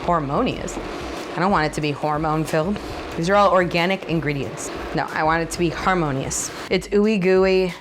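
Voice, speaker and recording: Speaking a little fast in a lowish voice over music, this cooking channel host cheerfully jokes her way through a casual vlog. She's a woman whose first language is Spanish, filming in her home kitchen while food sizzles.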